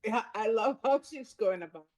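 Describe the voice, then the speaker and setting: Woman co-host, mid pitch, lively intonation, quick agreeing comments. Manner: brief agreeing interjections. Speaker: podcast co-host. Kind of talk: casual chat.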